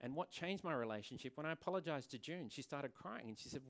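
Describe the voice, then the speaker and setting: A man's voice: a little high, animated, fast, a bit bright. A man who owns a hair salon, giving an earnest talk to a conference audience and often repeating words as he restarts. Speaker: salon owner and presenter. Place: conference venue.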